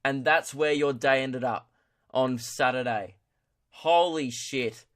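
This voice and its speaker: A man's voice: mid-range voice, slow, a bit bright, no room sound, studio quality. A young man hosting his own comedy podcast. He rants about his nights out, swears freely and breaks into laughter at his own lines. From Australia. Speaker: podcast host. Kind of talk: solo comedy rant.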